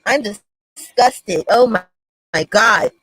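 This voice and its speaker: A woman's voice: mid-range voice, expressive, slow pace, a bit bright, slightly rough, no echo, rough recording. A woman hosting a reaction commentary, talking in a blunt, profane, mocking way. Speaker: commentary host.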